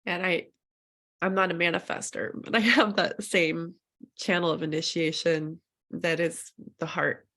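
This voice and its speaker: A woman guiding a group session, speaking very slowly with a gravelly, fry-laden edge. Her replies are soft and appreciative, and her voice sits a little low. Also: steady tone. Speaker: workshop facilitator. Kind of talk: gentle group facilitation.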